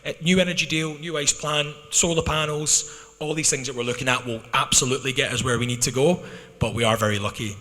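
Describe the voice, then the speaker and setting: Bright-voiced Scottish man in an arena. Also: mid-range voice. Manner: animated, talks fast with restarts. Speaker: club management speaking at a fan Q&A. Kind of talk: candid spoken answers to fans. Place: arena hall. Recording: long arena reverb.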